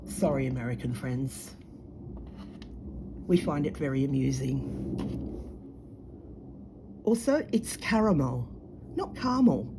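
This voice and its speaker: With a rumbling low, creaky voice, this woman speaks slowly but very animatedly, pausing often. She's a middle-aged Australian jewellery maker and vlogger, chatting to camera as she works in a blunt, sarcastic, mocking way. The recording is very noisy.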